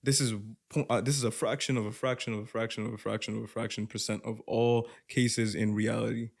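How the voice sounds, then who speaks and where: Canadian man, animated podcast talk. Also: lowish voice, fairly quick, creaky. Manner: animated, says "bro" a lot. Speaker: podcast co-host. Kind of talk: casual podcast chat.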